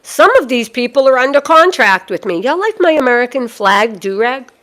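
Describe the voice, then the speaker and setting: A woman's voice: a little high, animated, normal speed, fairly bright tone. A woman with a Boston accent hosting a live stream as a dog breeder, chatty and folksy, repeating phrases for emphasis as she talks to her viewers.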